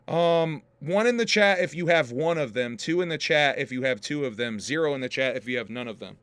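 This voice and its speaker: A man's voice: a little high, expressive, brisk, hardly any pauses, a bit bright, clear, resonant tone, dry recording. A man hosting a casual livestream podcast, joking with his chat, laughing often and swearing freely. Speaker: podcast host and rapper.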